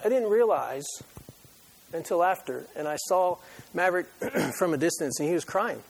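A man preaching a sermon who tells an animated, joking story and acts out his own reactions. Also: on the high side, moderate pace, vocal fry, a little hiss or hum. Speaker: pastor.

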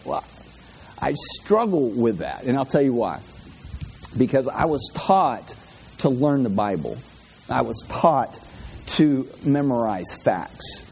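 Man, sermon, conversational, self-deprecating, emotional, warm voice, faint noise. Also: mid-range voice, very animated, slow, creaky, pauses often. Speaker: pastor.

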